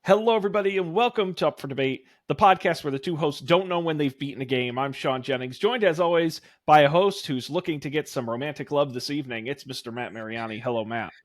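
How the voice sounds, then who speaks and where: A man hosting a casual podcast, playful and animated, tossing in silly sound effects. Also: mid-range voice, a little fast, few pauses, no room sound, clean studio sound. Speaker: podcast host.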